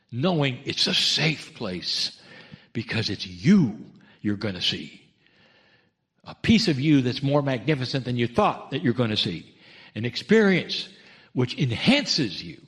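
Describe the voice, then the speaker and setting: Man giving a coaxing guided meditation. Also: mid-range voice. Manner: gentle, coaxing, addresses listeners directly with questions. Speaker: spiritual channeler. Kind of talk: channeled spiritual discourse, guided meditation. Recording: long hall reverb with music behind.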